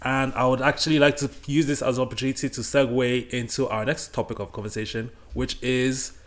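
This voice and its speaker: A man's voice: mid-range voice, little pitch movement, brisk. A man co-hosting a podcast in casual chat, laughing often and rambling through restarts. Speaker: podcast co-host.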